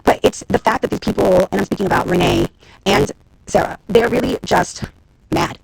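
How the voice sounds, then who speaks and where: A woman in her thirties, a reality TV personality, venting on a livestream in a fast, profane, exasperated rant to her viewers. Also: mid-range voice, sing-song, creaky, breathy edge, no echo, rough recording. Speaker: reality TV personality and executive producer. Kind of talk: Instagram live rant to viewers.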